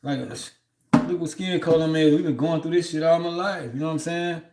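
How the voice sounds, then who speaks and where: The recording is very noisy and echoey, with a male livestream host speaking fairly quickly in a steady voice on the high side. He rambles through a long story, frequently heated and aggrieved, tossing in "you know what I'm saying" between his thoughts.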